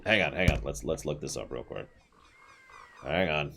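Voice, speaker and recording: A man's voice: a bass voice, moderate pace, vocal fry, sharp tone, a little hiss or hum. A man giving casual, chatty commentary while streaming a video game, with opinionated asides.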